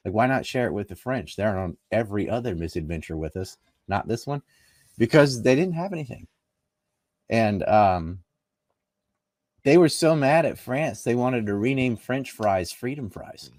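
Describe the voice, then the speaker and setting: A man's voice: medium pitch, lively intonation, moderate pace, a little mellow, dry recording, studio quality. A man from North Carolina, a political commentator in a conversational interview, talking emphatically and firing off rhetorical questions.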